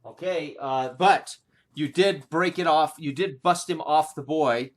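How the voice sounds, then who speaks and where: A man's voice: fairly high pitch, measured pace. A man narrating as game master of a tabletop game, hesitant, with many fillers and restarts.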